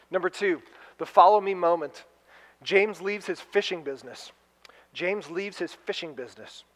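A high-pitched male pastor delivering a sermon in a church sanctuary. He is animated and slips into little acted-out voices of kids and parents. The sound rings with a long hall reverb. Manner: animated, acts out kids and parents in quick asides.

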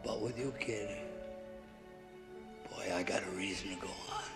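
An actor playing a gruff, devoted old boxing trainer who talks in rough street slang. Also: male voice, on the low side, measured pace. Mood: tender. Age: older. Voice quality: gravelly. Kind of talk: film drama acting. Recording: echoey room with score music.

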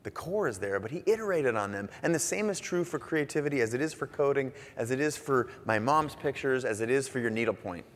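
A man giving a casual, animated conference talk on stage, joking and sometimes swearing as he goes. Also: medium pitch, brisk, hardly any pauses. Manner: casual, animated, jokey, swears now and then. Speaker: conference speaker, artist. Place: large conference hall on stage. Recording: long hall reverb.

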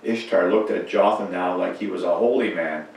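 A man's voice: low-pitched, moderate pace, darkish tone. A man reading a children's story aloud in a church, telling it expressively. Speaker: reader. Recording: echoey church from far off.

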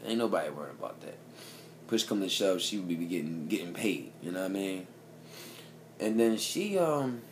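A man's voice: deep voice, a little hiss or hum. A man telling a story to camera in a casual, profane, rambling way, often checking in with "you know what I mean".

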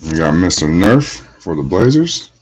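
A man with a fairly low voice and an unhurried, drawn-out delivery hosts a trading card break. He calls out each card as he pulls it, and he gets excited over the good hits. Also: breathy edge, low-quality recording. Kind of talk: live card-breaking commentary.

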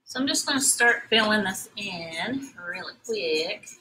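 A middle-aged woman chats at a slow, easy pace while she paints, with a bright, forward tone. She rambles, stops to answer comments and is full of ums and restarts. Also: mid-range voice, lively intonation, a little hiss or hum, low-quality recording. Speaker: artist hosting a live painting stream. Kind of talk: casual chat while painting.

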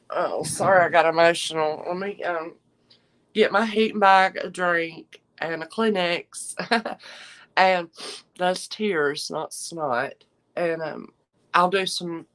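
A woman's voice: fairly low pitch, fairly bright tone, low-quality recording. Brief heartfelt woman in her fifties. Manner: heartfelt, chatty, talks straight to viewers. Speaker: live-stream jewelry seller. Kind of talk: casual live-stream chat to viewers.

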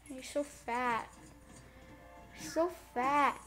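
A woman giving casual gameplay commentary, giggling, getting excited and talking to the characters on screen. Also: high-pitched, slow, long pauses, faint music behind. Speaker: let's play gamer.

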